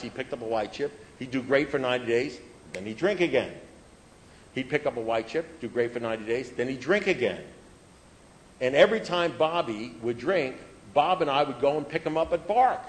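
A man of average pitch tells his own story to a listening room and jokes at his own expense. He circles back on phrases and repeats lines to build a rhythm. A faint low rumble sits under his voice. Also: animated, a little fast, rough recording. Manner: humorous, self-mocking and conversational. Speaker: speaker sharing his recovery story. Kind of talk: personal storytelling talk to an audience.

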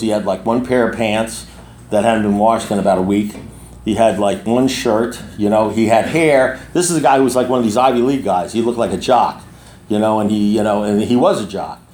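A man's voice: fairly low pitch, a little mellow, roomy sound, a little hiss or hum. A man in his sixties speaking to a recovery group, telling a long personal story in a rambling way with many restarts and asides. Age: 60s.

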